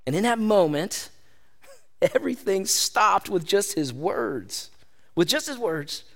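A man preaching a sermon in an animated, conversational way, often addressing his listeners as "gang". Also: high-pitched, slow pace, creaky. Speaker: pastor.

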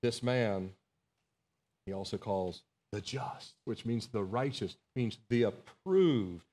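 A man's voice: lowish voice, slow pace, mellow. A male pastor preaching a Bible study sermon, earnest and emphatic, repeating words and calling out to his congregation. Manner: earnest, emphatic, rising on key phrases, asks the congregation "Amen?"; repeats words and restarts phrases.

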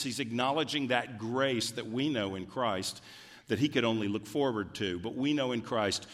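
In a reverberant hall, a man of medium pitch and fairly bright tone preaches as pastor. His scripture reading is deliberate at first, then rises to fervent emphasis.

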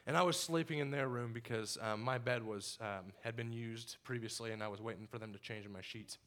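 A young man telling his personal story to a church congregation, animated and laughing often as he acts out his own past words. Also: mid-range voice, fairly quick. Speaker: church member giving testimony.

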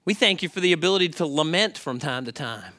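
A male pastor preaching a sermon in an animated way, often putting questions to the congregation. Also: fairly high pitch, fast talker.

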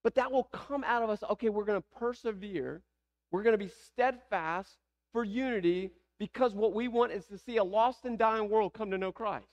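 A man's voice: high-pitched, moderate pace, lo-fi sound. A man with a Southern American accent preaching a sermon, asking the congregation rhetorical questions. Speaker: pastor.

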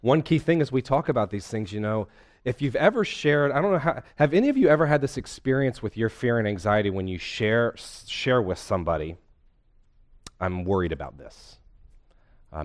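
A man delivers a sermon in a loose, conversational way, often asking his listeners questions. His voice sits on the low side. He talks like a pastor chatting with the room rather than reading a text. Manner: conversational, asks the room questions, retells a comedy scene. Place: church hall with a congregation.

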